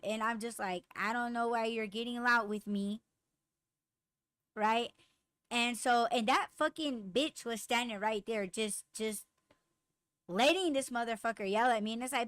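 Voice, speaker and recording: A woman's voice: a little high, measured pace, dry recording. A young adult woman hosting a podcast, telling a heated work story in casual chat, full of swearing, fillers and quoted dialogue. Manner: profane, animated, lots of fillers and quoted dialogue. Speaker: podcast host.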